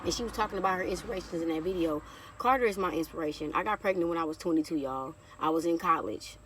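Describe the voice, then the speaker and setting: A vlogger in her thirties shares a heartfelt personal testimony, chatting casually and straight to her viewers, whom she keeps calling y'all. Her voice is lowish and quick, recorded from a distance with slight background noise.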